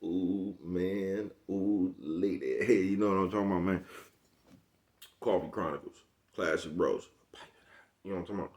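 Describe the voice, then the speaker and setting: A man's voice: low voice, normal speed, long pauses, a little mellow. A man with a Bay Area accent talking casually to camera in a slangy, rambling monologue and laughing often. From San Francisco Bay Area. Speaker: vlogger.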